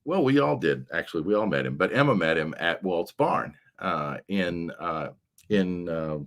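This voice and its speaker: A man's voice: deep voice, animated, normal speed, fairly bright tone. A man hosting a casual livestream chat, rambling along with frequent fillers. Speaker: livestream show host.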